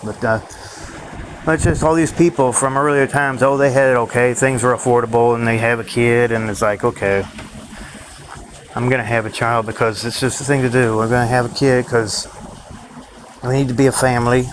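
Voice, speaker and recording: A man's voice: mid-range voice, fairly even intonation, normal speed, a little hiss or hum, rough recording. A man ranting in a rambling, profane monologue to his own channel, drifting from thought to thought. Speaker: vlogger.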